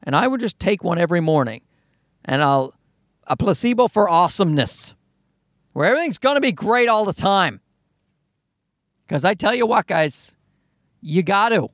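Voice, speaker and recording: A comedian from Newfoundland with a Newfoundland accent, rambling through a profane, self-mocking solo podcast monologue. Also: male voice, high-pitched, animated, normal speed, pauses often, fairly bright tone, no room sound, clean studio sound.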